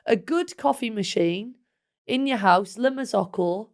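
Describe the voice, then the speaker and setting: A woman's voice: on the high side, expressive, unhurried. A woman who hosts a podcast, chatting casually and teasing her guest. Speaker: podcast host. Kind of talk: casual chat.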